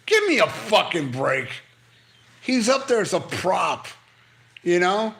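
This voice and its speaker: A man's voice: sits high, takes it slowly, gravelly, pauses often. An older man hosting a casual livestream, reading comments and ranting bluntly with lots of swearing while on pain medication. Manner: blunt, profane, animated ranting. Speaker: livestream host.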